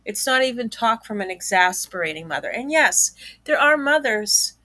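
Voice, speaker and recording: A woman's voice: a little high, very animated, moderate pace, sharp tone, no room sound. A woman giving reaction commentary on a YouTube channel, blunt and indignant, swearing freely.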